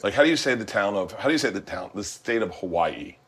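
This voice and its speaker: A man's voice: lowish voice, expressive, quick pace, a bit bright, husky. Swearing, joking man hosting a chat. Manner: profane, joking storyteller. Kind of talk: casual podcast chat. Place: kitchen.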